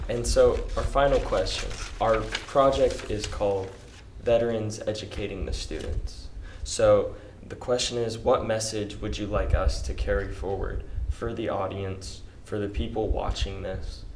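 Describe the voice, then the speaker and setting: A man's voice: lowish voice, steady tone, unhurried, a little mellow. A man interviewing a veteran, asking questions in a polite, earnest way. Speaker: student interviewer. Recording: echoey room, faint noise.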